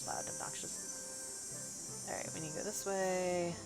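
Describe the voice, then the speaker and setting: Low-voiced woman streamer, Missouri twang. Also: steady tone, measured pace, creaky. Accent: Missouri Bootheel twang. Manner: chatty, thinks aloud, reads chat. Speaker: game streamer. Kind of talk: livestream gameplay commentary. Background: game music and cicadas.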